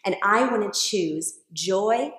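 A woman's voice: mid-range voice, animated, takes it slowly, a bit bright. Woman co-host, earnest, emphatic, faith talk, echoey room. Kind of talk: faith-based conversation.

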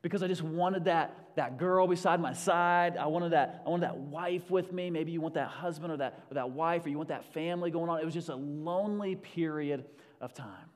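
A man preaching in a church hall, his voice sitting a little high for a man. He swings between loud rallying bursts and hushed, intimate passages. Long reverb rings around him. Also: moderate pace. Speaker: pastor. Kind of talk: sermon.

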